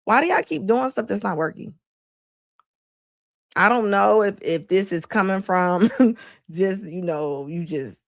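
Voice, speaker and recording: A woman commenting live to her chat, animated and laughing often as she mocks the people she quotes. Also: medium pitch, no room sound, studio quality. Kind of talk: reaction stream talking to chat.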